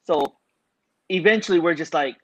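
A man's voice: fairly high pitch, moderate pace, a loud crowd. A man in casual chat who tells stories animatedly and acts out his own past lines in a raised voice. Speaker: new father in a podcast chat.

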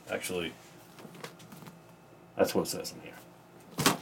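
A man hosting a casual podcast, comparing Bible verses with a sarcastic edge and reading scripture slowly with stress, in a small room. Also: fairly high pitch, wildly swooping pitch, a little mellow, slightly rough.

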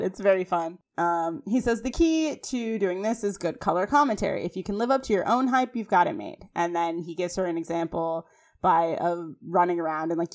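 A woman with a mid-range voice co-hosts a podcast, going through a TV episode scene by scene. She's chatty and animated, with plenty of fillers.

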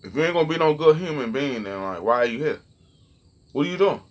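Man, husky voice, slightly high, swoops up and down a lot, casual profane vlog rant. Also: quick pace, dull audio. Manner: profane, heated, animated. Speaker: vlogger.

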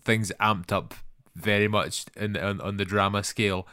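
A man's voice: fairly low pitch, steady tone, moderate pace, pushed and bright, no echo, clean studio sound. A man co-hosting a film podcast in casual chat, blunt and matter-of-fact. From Scotland. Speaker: podcast co-host.

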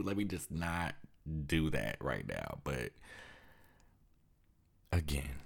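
A man's voice: a bass voice, sing-song, takes it slowly, vocal fry, long pauses, breathy edge. A young man hosting a podcast, speaking candidly and bluntly, exhausted and depressed, worn down and swearing often. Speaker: podcast host. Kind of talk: candid monologue.

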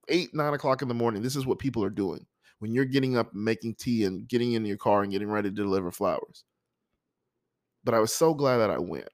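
A man, a father, reading his own poems and talking through painful holiday memories in a halting, heartfelt way with sighs and restarts. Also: fairly low pitch, no room sound, studio quality. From United States. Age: adult, a father. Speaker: poet sharing his poems. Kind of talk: emotional spoken-word reading and personal reflection.

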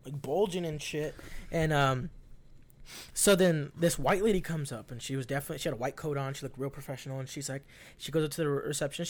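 A young man with a mid-range voice tells a long story fast, in casual, rambling talk. He swears constantly and leans heavily on fillers like "like."

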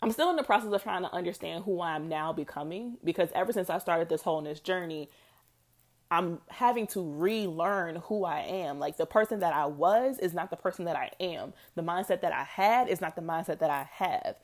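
A woman with a slightly low voice hosts her own podcast, talking alone about her life. She is chatty and reflective, full of fillers, and laughs often. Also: normal speed. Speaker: podcast host. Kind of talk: casual solo podcast monologue.

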